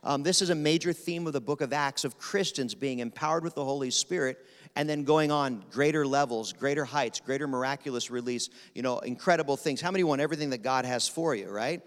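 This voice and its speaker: A man from Pennsylvania, preaching a sermon as guest speaker in a quick, animated, rapid-fire way. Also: medium pitch. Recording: long reverb of a large hall.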